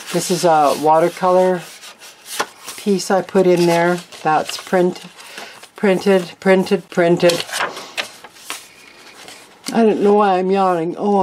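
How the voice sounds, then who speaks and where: Craft-channel host, woman, deep-ish voice, unhurried, chatty and rambling with candid asides, faint hiss behind her. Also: darkish tone. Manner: chatty, meandering, frank asides. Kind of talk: casual craft show-and-tell.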